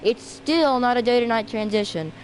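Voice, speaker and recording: Rambling, excitable woman gamer. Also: on the high side, normal speed, rough recording. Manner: excitable, rambling, self-mocking, sudden outbursts. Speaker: gaming video creator. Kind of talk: rambling let's-play commentary.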